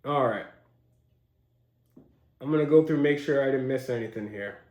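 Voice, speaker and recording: A man's voice: medium pitch, normal speed, lo-fi sound. A young man doing casual, slangy commentary, reacting with incredulous asides. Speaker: commentary host. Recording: roomy echo.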